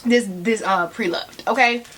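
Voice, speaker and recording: A woman's voice: medium pitch, a little slow, a bit bright, slight background noise. A woman vlogging about handbags in a sassy, chatty way, talking straight to her viewers while she eats. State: eating while talking, mouth sometimes full. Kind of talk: casual chat to camera.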